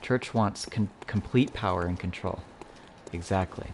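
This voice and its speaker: A man talks casually through a game playthrough, joking and reacting aloud as he goes. His voice sits lowish with a gravelly, creaky grain. The recording is noisy, with game ambience behind him. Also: unhurried. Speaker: streamer. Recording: noisy stream audio.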